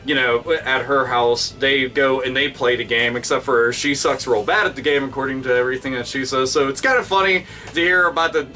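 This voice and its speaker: A man's voice: medium pitch, steady tone, a little fast, hardly any pauses. A man in his thirties talking casually in a rambling, profane vlog monologue. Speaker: YouTube vlogger. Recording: bright voice, somewhat distant mic, faint music.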